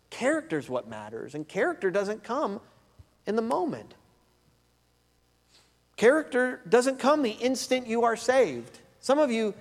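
A high-pitched man preaching a sermon with an emphatic, conversational delivery, driving his points home through repetition. His voice rings with the long reverb of a large church hall. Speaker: pastor.

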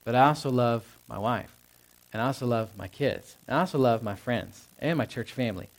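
A young man delivers a sermon as a pastor, talking casually and conversationally rather than formally. His speech is loose, full of fillers and quick asides to the congregation, at a middle pitch for a man. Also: gravelly.

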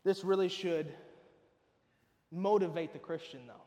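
High-voiced preacher man in a hall. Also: a little slow, dull audio. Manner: emphatic, swings between loud and hushed. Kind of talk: sermon.

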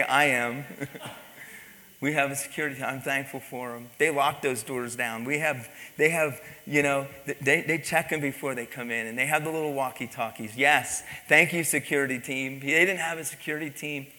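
Male preacher, sharp bright tone, animated storytelling, echoing church hall. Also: mid-range voice, a little fast. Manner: animated, repeats words, drops to quiet intense tones. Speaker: pastor. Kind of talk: sermon storytelling. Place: church sanctuary. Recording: long reverb in a large hall.

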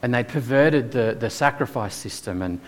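A man's voice: mid-range voice, lively intonation, moderate pace. A man preaching a sermon in a casual, conversational way. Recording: echoey church hall.

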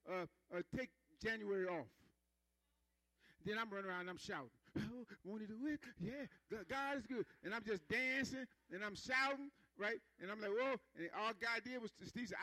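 A man's voice: high voice, pushed and bright, dry recording, poor audio. A man preaching a sermon in a conversational style, calling for responses from the congregation and building rhythmic emphasis.

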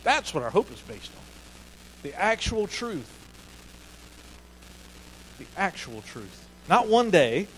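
Earnest preacher, slightly high voice. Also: male voice, fairly bright tone, slight background noise, low-quality recording. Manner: earnest, repeats key phrases for emphasis. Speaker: pastor. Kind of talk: sermon.

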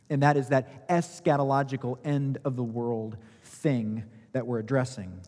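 A man's voice: mid-range voice, a little mellow, breathy edge. A man preaching a conversational expository sermon as pastor, explaining by analogy and swelling when he stresses a point. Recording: reverberant hall.

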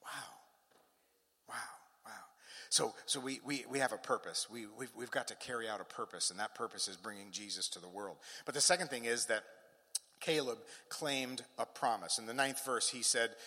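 A man's voice: medium pitch, animated, normal speed, sharp tone. A man preaching a sermon, emphatic, with rising and falling cadence and touches of humor. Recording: long hall reverb.

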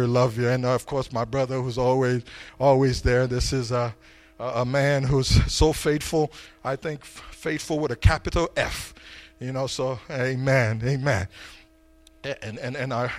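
A middle-aged male pastor preaching a sermon in a church, swinging between booming shouts and soft asides, often stammering and repeating words. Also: steady tone, moderate pace. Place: church, before a congregation.

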